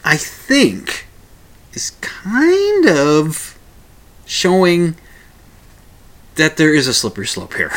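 A man's voice: a little high, wildly swooping pitch, slow, long pauses, fairly bright tone. A man hosting a casual spoken monologue, rambling with many restarts and small chuckles.

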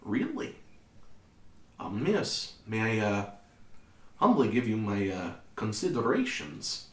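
A man voicing a polite, nervous young son who speaks formally and haltingly. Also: fairly low pitch, huge pitch swings, fairly bright tone, echoey room, far from the mic, voice pushed down, exaggerated voice.

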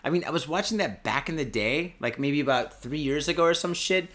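A podcast host telling a casual story, excitable and profane, with lots of filler words. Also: male voice, fairly high pitch, a little fast. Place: podcast studio.

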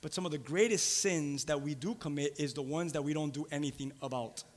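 A man's voice: a little high, a little fast. A man preaching a sermon, emphatic and repeating key phrases for weight. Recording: long hall reverb.

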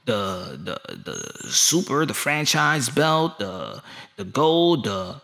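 A man's voice: mid-range voice, very animated, takes it slowly, vocal fry, bright, forceful tone. A man ranting casually as a boxing vlogger, rambling and joking with plenty of swearing. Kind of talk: casual rant.

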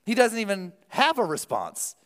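A man preaching a sermon as a pastor, telling the story in an animated, lively way with quick asides. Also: sits high, in a large hall.

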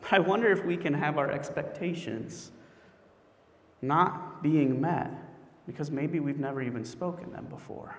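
A male pastor preaching a sermon in a conversational, storytelling way, with animated asides. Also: on the high side, a little slow. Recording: echoey hall with long reverb.

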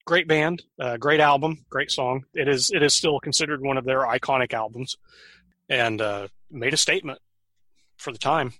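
A man's voice: mid-range voice, moderate pace, pushed and bright, no echo. A middle-aged man co-hosting a podcast, chatting casually and trailing off with ums and uhs. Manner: talkative, trails off with fillers. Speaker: podcast co-host. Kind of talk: casual chat.

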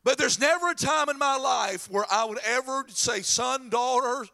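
Pastor preaching a lively sermon: a man with a very high, gravelly voice. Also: moderate pace. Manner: animated preaching with acted retellings.

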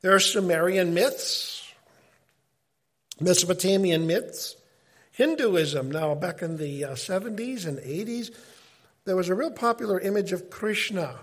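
A middle-aged man giving an informal Bible teaching, talking in a conversational, animated way and often breaking off mid-sentence. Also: high voice, unhurried. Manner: conversational, animated, self-interrupting.

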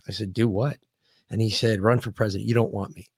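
A man co-hosting a podcast in casual talk, grieving, speaking in halting, emotional bursts with lots of profanity and restarts. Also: lowish voice, fairly even intonation, gravelly, slightly rough, dry recording. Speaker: podcast co-host.

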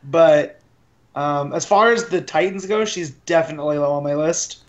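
A man with an American accent chatting casually about comics, halting and searching for words. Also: a little high. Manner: hesitant, halting, many fillers. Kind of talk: casual comic book review chat. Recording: slightly dull, lo-fi sound.

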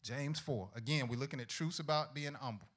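A man's voice: medium pitch, a little fast, fairly bright tone. A man preaching a sermon to young people as pastor, with a folksy, humorous manner and frequent questions thrown to the congregation. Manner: folksy, humorous delivery with acted-out prayers.

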